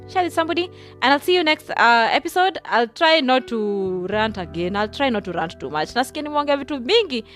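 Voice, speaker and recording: A woman's voice: mid-range voice, a bit bright. A young woman with a Kenyan accent hosting her own podcast, talking in a chatty, effusive way and mixing English with Swahili. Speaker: podcast host. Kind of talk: casual solo podcast monologue.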